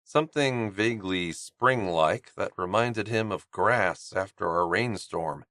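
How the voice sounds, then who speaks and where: A man narrating an audiobook in a steady, even storytelling manner on a close studio mic. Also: sits low, unhurried, no echo. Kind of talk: scripted narration.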